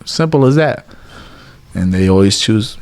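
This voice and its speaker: A man's voice: lowish voice, unhurried. A man as an interview guest, talking in casual street slang, bluntly and animatedly, dropping "bro" and "like" all the time. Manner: animated storytelling, acts out quotes.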